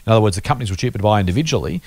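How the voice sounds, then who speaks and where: Male podcast co-host, quick delivery, dry close mic, patient explainer. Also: on the low side, animated, darkish tone, dry recording. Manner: explains patiently with worked examples. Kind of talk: casual investing podcast chat.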